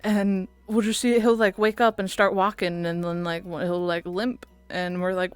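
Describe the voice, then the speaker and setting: A woman's voice: medium pitch, little pitch movement, normal speed, hardly any pauses, smooth, dry recording. A woman streamer chatting casually with her viewers, rambling and laughing often. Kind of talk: casual livestream chat.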